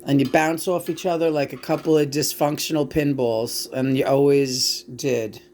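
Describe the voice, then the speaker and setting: A woman channeling the spirit of a dead male rock star, speaking slowly in a stern, lecturing way. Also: rumbling low, fairly even intonation, dark tone, a little hiss or hum, voice pushed down. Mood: scolding.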